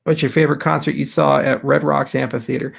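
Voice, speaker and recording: A man's voice: mid-range voice, flat delivery, fast talker, gravelly, husky. A man hosting a casual live question session, answering with wry, offhand jokes. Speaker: host answering audience questions.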